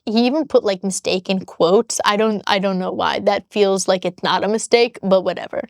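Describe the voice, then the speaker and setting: A woman's voice: medium pitch, brisk, few pauses, no room sound, clean studio sound. A woman vlogger telling her own story, heated and exasperated as she reads out text messages. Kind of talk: casual storytelling vlog.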